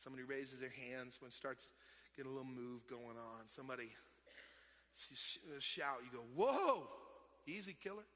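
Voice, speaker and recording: A man, preaching a sermon in a relaxed, conversational storytelling way that swings between loud and hushed. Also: medium pitch, moderate pace. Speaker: pastor. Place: church sanctuary. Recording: dull sound with long reverb.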